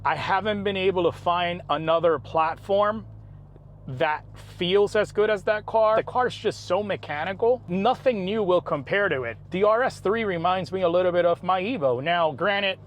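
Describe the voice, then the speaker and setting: A man's voice: high-pitched, moderate pace. Upbeat man chatting while driving. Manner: relaxed, rambling, enthusiastic. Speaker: car vlogger. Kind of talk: casual driving vlog chat. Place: inside a car on the road. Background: car engine and road noise.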